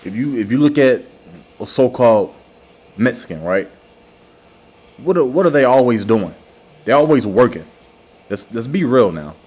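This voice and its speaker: A man giving an informal religious lesson, slowly repeating words and checking in with "all right" and "okay" after each point. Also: mid-range voice, lively intonation, a little mellow, slightly rough. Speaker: religious teacher.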